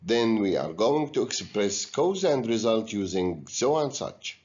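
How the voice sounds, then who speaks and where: A male English teacher in a recorded video lesson, speaking slowly and deliberately with a lively, rising-and-falling voice. The recording is a little muffled and lo-fi. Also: lowish voice. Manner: slow, deliberate, guiding students step by step.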